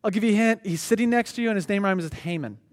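A man voicing a queen who speaks in a low, dry, understated way. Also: racing, lightly acted. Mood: sly. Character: brave queen, adult woman, sly and composed.

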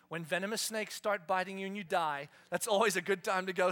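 A middle-aged man preaching a sermon, animated, acting out quotes with raised and shouted voices. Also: high-pitched, brisk, hardly any pauses. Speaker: pastor.

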